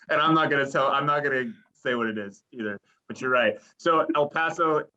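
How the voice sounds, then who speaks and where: A man's voice: mid-range voice, normal speed, pushed and bright, muffled recording. A man, a sports reporter, talking casually in an interview, rambling with lots of likes and restarts. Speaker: sports director and reporter, podcast guest.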